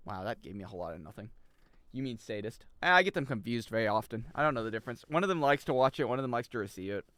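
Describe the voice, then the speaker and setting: A man's voice: mid-range voice, fast talker, no room sound. A man streaming a video game, chatting with viewers and joking as he plays. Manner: excitable, jokey, reacts loudly and reads chat aloud. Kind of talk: live gaming commentary.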